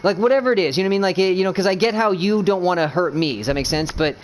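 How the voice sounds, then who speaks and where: A man speaks over a casual gaming voice chat, his voice slightly high and carrying a faint hiss behind it. He is blunt and swears freely. He rambles through false starts while earnestly checking that his teammates follow him. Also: rapid-fire. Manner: rambling, blunt and profane, many restarts; earnest, keeps checking he is understood. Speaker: gamer coaching teammates.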